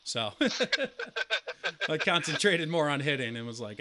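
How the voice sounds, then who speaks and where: A young man in his twenties co-hosting a casual sports podcast, telling a profane story and acting out the quotes loudly. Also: a little high, big pitch swings, slow. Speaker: podcast co-host.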